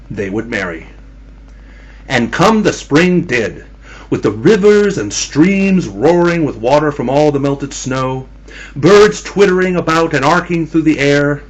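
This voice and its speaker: A man's voice: mid-range voice, breathy edge, poor audio. A man telling a spooky Halloween story in a teasing, theatrical manner, addressing his listeners as kiddies.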